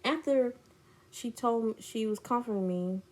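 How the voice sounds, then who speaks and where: A woman's voice: a little high, a little slow. A young woman vlogger telling a personal story in a blunt, indignant, slangy way. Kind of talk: storytime chat.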